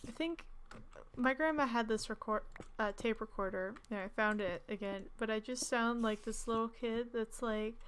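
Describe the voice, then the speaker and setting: A woman's voice: a little high, normal speed, clear, resonant tone. A young woman streaming a game, chatting casually in a rambling, giggly way full of fillers, with what she calls an alto voice. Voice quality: self-described alto voice. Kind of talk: casual gaming stream chat.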